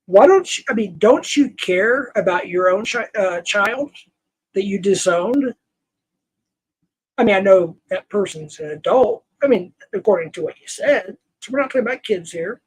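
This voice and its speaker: A man's voice: high voice, expressive, slightly rough, poor audio. Heated older man scolding his stream chat. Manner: heated, scolding, halting restarts. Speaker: livestream host. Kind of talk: angry livestream rant to chat.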